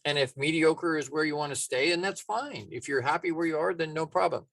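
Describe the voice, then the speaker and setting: A man's voice: on the high side, brisk, creaky, fairly bright tone, no echo. A man giving a motivational talk as a life coach, casual and emphatic, often restarting his sentences.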